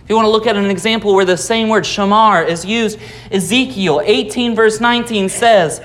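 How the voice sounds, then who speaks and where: A man's voice: high voice, moderate pace, a bit bright. A man preaching a Sunday sermon, explaining scripture patiently and repeating key phrases for emphasis. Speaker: pastor.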